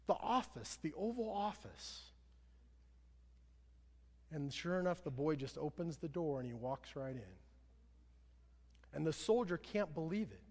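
A man preaching a sermon as pastor, earnest, swelling louder then dropping low at line ends. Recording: long hall reverb.

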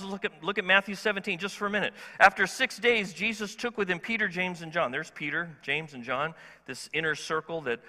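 A male pastor preaching in a church sanctuary with a high, sharp, tense voice. He talks in a lively, conversational way and keeps asking the congregation questions. A long hall reverb follows his words. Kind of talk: sermon.

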